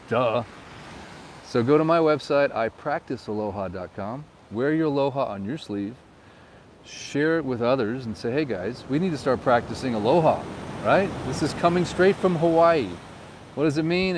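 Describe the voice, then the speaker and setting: A man in his forties, a real estate agent, chatting casually with live viewers outdoors and jumping into high squeals of excitement now and then. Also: a little hiss or hum. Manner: laid-back and playful, bursting into high squeals of excitement. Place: outdoors on the island, riding a golf cart near the surf.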